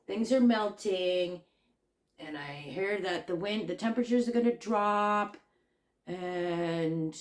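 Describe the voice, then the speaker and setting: A woman's voice: a little high, a little mellow. A woman crochet vlogger chatting casually, rambling and joking at her own expense. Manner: rambling, chatty, self-deprecating.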